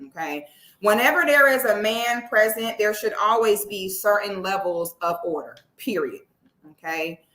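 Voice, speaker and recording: A woman vlogger tells a story in a loud, animated, swearing and laughing way. Her voice is high, bright and lively. It rings in an echoey room. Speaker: vlogger host. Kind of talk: casual reaction commentary.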